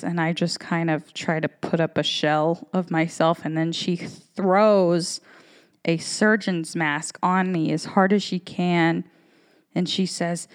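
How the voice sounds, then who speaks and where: A woman's voice: lowish voice, level tone, takes it slowly. A woman in her thirties hosting a podcast, talking in a candid, rambling, profane way. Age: 30s. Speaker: podcast host. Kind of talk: casual monologue.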